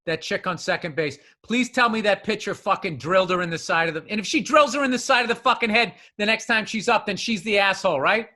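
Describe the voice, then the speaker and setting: A podcast co-host, a man, holds forth in casual chat, heated and profane. His voice sits high and sharp. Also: fast, hardly any pauses.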